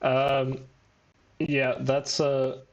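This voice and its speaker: Excitable, swearing man chatting on a podcast. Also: extremely slow, dull audio. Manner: excitable, swears a lot, jumps into high squeaky voices when quoting characters. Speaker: podcast host. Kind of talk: casual chat about manga.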